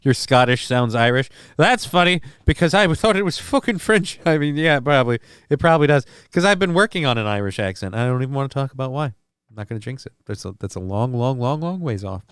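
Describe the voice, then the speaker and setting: A man hosting a comedic news livestream, rambling and sarcastic, his speech peppered with swearing. His voice sits in a middle register and sounds smooth and resonant. It is recorded close and dry on a home mic. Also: mid-range voice, animated, brisk, no room sound. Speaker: host. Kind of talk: casual comedic news commentary stream.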